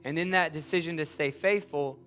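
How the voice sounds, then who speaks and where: A man with a high, light voice preaches from a church stage, swinging between loud rallying lines and hushed, confiding stretches. Soft music sits faintly underneath. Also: a little fast. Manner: emphatic, swinging from loud urging to quiet intimate tones. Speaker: pastor. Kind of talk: sermon.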